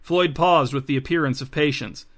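A man narrating an audiobook in a dry, measured way. His voice sits a little high and has a bright edge. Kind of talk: scripted narration.

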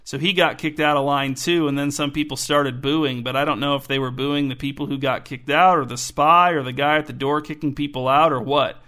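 A man's voice: fairly high pitch, fairly even intonation, brisk, hardly any pauses, bright, forceful tone. A man reading a rambling, unsure youngster.

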